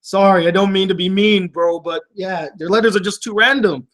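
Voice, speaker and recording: High-voiced sarcastic man reading mail. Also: fairly even intonation, normal speed, fairly bright tone. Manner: sarcastic, laughs often while reading. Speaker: video host reading fan mail. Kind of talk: casual mail-reading vlog.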